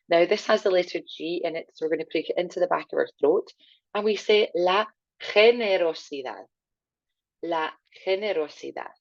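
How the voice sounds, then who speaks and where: Woman, teacher, deep voice, encouraging, dry and dull recording. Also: a little mellow, dry recording. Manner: encouraging, slow and clear for learners to repeat. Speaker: language teacher. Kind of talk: video language lesson. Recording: dull, slightly lo-fi sound.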